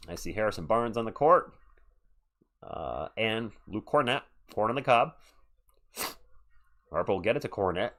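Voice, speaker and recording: A man's voice: lowish voice, expressive, moderate pace, long pauses, fairly bright tone. A man calling live play-by-play on a stream, chatty and answering viewers between calls. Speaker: live stream sports commentator. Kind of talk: live play-by-play and chat reactions.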